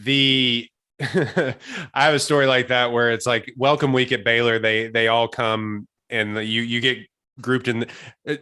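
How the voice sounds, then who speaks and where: A man's voice: medium pitch, level tone, a little slow, sharp tone, clear, resonant tone. A young man co-hosting a casual podcast, telling long rambling stories and laughing often. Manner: rambling storyteller, laughs a lot. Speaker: podcast host.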